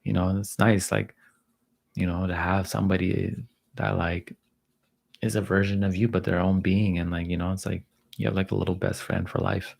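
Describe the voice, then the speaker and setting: A man in his thirties talks easily to his livestream viewers and answers their questions. His voice sits low with a gravelly fry and a husky edge. He speaks loosely and leans on "like" and "you know". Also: normal speed. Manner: loose, relaxed talk full of "like" and "you know". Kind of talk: casual livestream chat.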